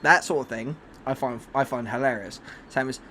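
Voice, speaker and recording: A man's voice: mid-range voice, moderate pace, sharp tone, slight background noise. A man streaming live, chatting casually and rambling with many restarts and fillers. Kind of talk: casual chat on a livestream.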